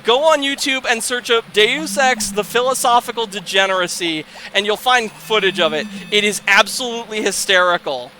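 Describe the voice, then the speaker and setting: Speaking at normal speed with few pauses, a young man with a high voice casually narrates a farming game for his let's play. He wanders and swears, breaking into exasperated yells and laughter, with a faint hiss or hum audible.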